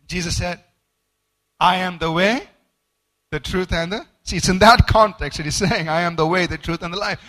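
A man preaching a sermon from a study book, animated, acting out quoted voices, with stumbling repeats and fillers. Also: sits high, normal speed. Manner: animated, acts out quoted voices with rising emphasis.

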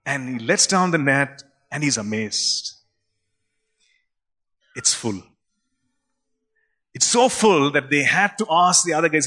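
Man, preacher, sermon storytelling, bright voice, animated, chatty. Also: medium pitch, unhurried, pauses often. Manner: animated, conversational with fillers.

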